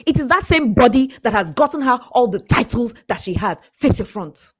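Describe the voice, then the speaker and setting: A woman giving a fast, emphatic motivational talk, laughing often. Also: mid-range voice, big pitch swings. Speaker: speaker and coach.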